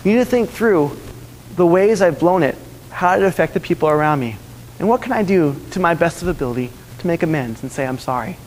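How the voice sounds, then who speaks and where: A man's voice: fairly high pitch, a little mellow, big-room sound, a little hiss or hum. A man preaching a sermon, earnestly telling stories and repeating his key lines. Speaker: pastor.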